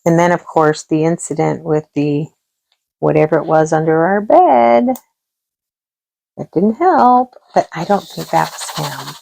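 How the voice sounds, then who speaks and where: A woman's voice: deep voice, measured pace, vocal fry, mellow. A middle-aged woman telling a rambling story at home in a casual, chatty way, quoting other people as she goes. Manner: chatty, rambling, with laughs and quoted dialogue. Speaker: craft vlogger. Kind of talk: casual storytelling while crafting.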